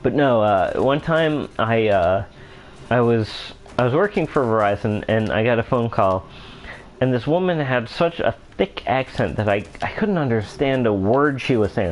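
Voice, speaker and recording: A man's voice: medium pitch, expressive, moderate pace, slight background noise, low-quality recording. A young man casually commenting on his gameplay while telling a rambling story, talking like a customer support rep. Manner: rambling, chatty storytelling with many fillers. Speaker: let's player.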